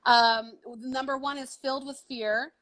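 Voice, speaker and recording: A woman's voice: high voice, fairly even intonation, a little slow, fairly bright tone. A woman hosting a live video interview, friendly and enthusiastic as she recaps and asks questions. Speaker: host.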